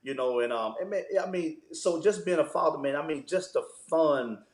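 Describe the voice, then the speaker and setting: Pastor with a roomy, echoey sound. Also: male voice, fairly high pitch, moderate pace. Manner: relaxed, storytelling, frequent "man" fillers. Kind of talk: conversational interview.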